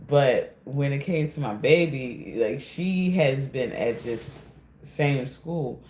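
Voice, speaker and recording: Man giving a relaxed spiritual card reading. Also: mid-range voice, slow, reverberant, a little hiss or hum. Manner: relaxed, rambling, addresses listeners as collective. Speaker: tarot card reader.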